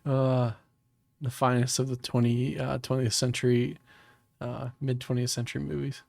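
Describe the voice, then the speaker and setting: A man with a gravelly voice co-hosting a podcast, joking and stumbling over his words in casual movie chat. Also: mid-range voice, level tone, moderate pace, a little mellow, dry recording. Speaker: podcast co-host.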